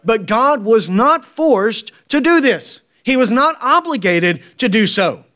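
A man's voice: extremely high pitch, animated, takes it slowly, bright, forceful tone. A man preaching a sermon in an emphatic, repetitive way, often checking in with "right?".

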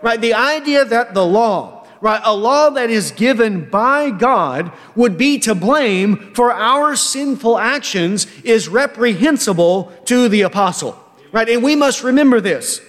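A man preaching an expository sermon, emphatic and often checking in with a quick "right?". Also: very high-pitched, expressive, a bit bright, long reverb tail. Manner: emphatic, frequent tag question "right?".

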